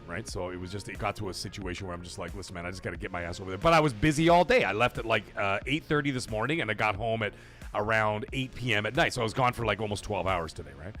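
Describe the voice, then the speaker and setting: A middle-aged man from Canada hosting a live gaming stream, telling stories in a rambling way, cursing freely and getting loud when he is excited. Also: fairly low pitch. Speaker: livestream host. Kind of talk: casual live-stream chat.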